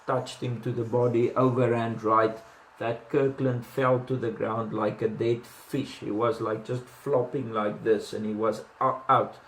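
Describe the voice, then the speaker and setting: A man's voice: mid-range voice, little pitch movement, measured pace. A man casually breaking down boxing fights, rambling with lots of fillers and restarts. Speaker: boxing commentator. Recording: roomy echo with faint background noise.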